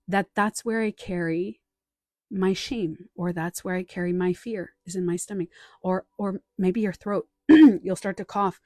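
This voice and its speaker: A woman hosting a casual live stream as a life coach. She talks in an animated way, acts out other people's voices and repeats short phrases for emphasis. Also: medium pitch, unhurried, dry recording, clean studio sound.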